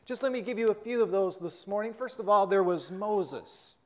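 Higher-voiced preacher telling a story. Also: male voice, lively intonation, moderate pace, darkish tone. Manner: earnest storyteller, quotes scripture. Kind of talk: sermon with story narration.

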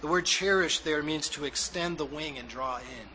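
A man's voice: on the high side, moderate pace, pushed and bright, slight background noise, poor audio. A man preaching a sermon as pastor, building to emphatic peaks and acting out the lines of husbands and wives. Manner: preaching with rising emphasis, acting out quoted dialogue.

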